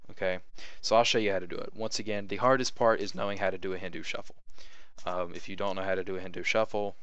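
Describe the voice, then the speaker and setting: A man's voice: deep voice, bright, forceful tone, no room sound. Chatty young man teaching card tricks. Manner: chatty, repeats "okay?" to check in, acts out patter. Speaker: magic tutorial host. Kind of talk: casual card-trick tutorial.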